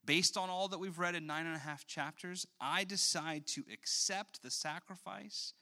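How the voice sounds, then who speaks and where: A pastor in his thirties preaches with a very bright, sharp voice pitched a little high for a man. He tells a story animatedly, then draws a lesson from it. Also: normal speed. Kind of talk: sermon with personal story.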